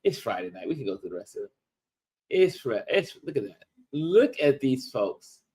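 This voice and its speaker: A middle-aged man hosting a casual livestream, musing warmly to viewers as he shows photos. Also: mid-range voice, very animated, slightly rough. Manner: slow, musing, talks to viewers while showing photos. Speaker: livestream host.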